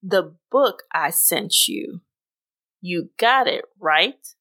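A smug, patronizing man, put on by a woman reading her story aloud. He talks in a lowered, even tone, as if explaining something obvious. The delivery is unhurried. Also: full character voice. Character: smug condescending male coworker, adult.

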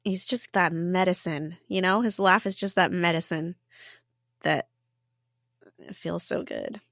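A woman's voice: on the low side, steady tone, measured pace, fairly bright tone, dry recording. A woman speaks as a guest in a podcast interview, reflective and heartfelt. Her voice is recorded close and dry, with no room sound.

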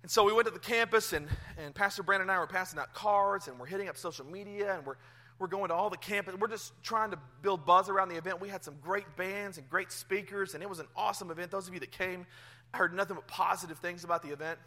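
Speaking quickly in a high-pitched voice, a male pastor of about thirty delivers a sermon in the church sanctuary. His personal story moves between quiet, hushed moments and loud outbursts.

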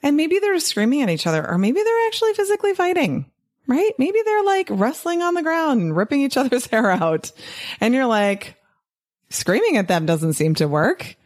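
A woman speaks in a lively, casual monologue, her pitch swinging widely as she makes her points. She keeps checking in with listeners on a rhetorical "right?" and laughs easily. She sounds like someone coaching fellow doctors. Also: fairly quick. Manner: animated, often tags "right?" and laughs. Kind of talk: casual podcast-style monologue.

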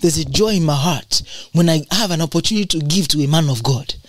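Talking fast, a preacher gives an emphatic, repetitive sermon marked by large swings up and down in pitch and outbursts of tongues. There is no room sound.

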